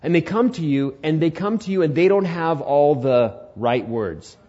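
Young male pastor in his twenties, warm dark tone, preaching with big swings in volume, slightly muffled recording. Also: a little high, moderate pace. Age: 20s. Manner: animated storytelling, swings from loud to hushed. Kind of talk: sermon.

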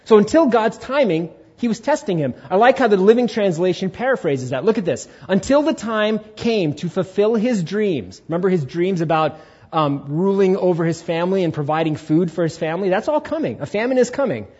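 A man preaching a sermon in a church sanctuary, his voice sitting high and swinging widely in pitch. He acts out inner voices and asks the congregation questions, with a slightly husky tone. The recording sounds muffled and lo-fi. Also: animated, fairly quick, a little mellow. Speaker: pastor.

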